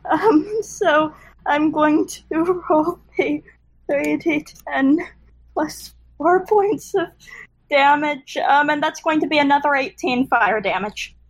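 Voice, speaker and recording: Woman tabletop player, high voice, slow, unhurried pace, hesitant. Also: rough recording. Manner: hesitant, thinking aloud with fillers. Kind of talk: tabletop game play.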